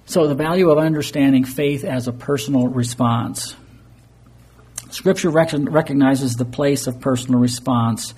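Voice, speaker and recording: A man's voice: medium pitch, moderate pace, a little mellow, breathy edge. A man preaching an earnest, explanatory sermon, sometimes stumbling into fillers and restarts. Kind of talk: sermon teaching.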